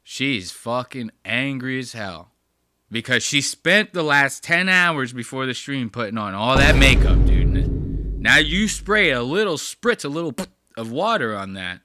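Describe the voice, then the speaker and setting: Crude, animated male commentator. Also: mid-range voice, unhurried, no echo. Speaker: host. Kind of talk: casual video commentary.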